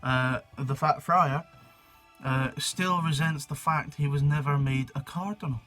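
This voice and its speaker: A man's voice: on the high side, moderate pace, fairly bright tone, soft background music. A young man chatting casually for his video, rambling with frequent swearing and jokey asides. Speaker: YouTuber. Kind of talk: casual chat reading a website on camera.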